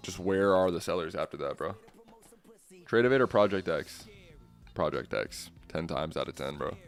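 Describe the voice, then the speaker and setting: A man's voice: low voice, expressive, moderate pace, soft background music. A young man commentating his live trades casually, swearing often and calling the audience bro. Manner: swearing, says bro constantly, swings from bragging to exasperated. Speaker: streamer trading futures live.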